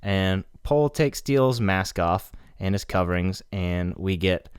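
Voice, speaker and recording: A man's voice: low voice, measured pace, clean tone, no echo, studio quality. A man hosting a podcast, recapping a plot in a laid-back, casual way with casual swearing. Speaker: podcast host. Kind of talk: casual chat.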